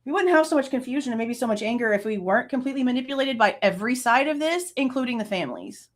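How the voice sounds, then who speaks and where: A woman's voice: a little high, animated, fast talker. A woman in her late thirties, hosting a true crime channel, ranting with heated, profane exasperation. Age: late 30s. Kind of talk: angry reaction rant.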